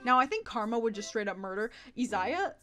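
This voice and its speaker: Young woman, casual vlogger, giggly, rambling, swears a lot, high-ish voice, light music bed. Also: very animated, fairly quick, fairly bright tone. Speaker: anime vlogger. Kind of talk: casual chat.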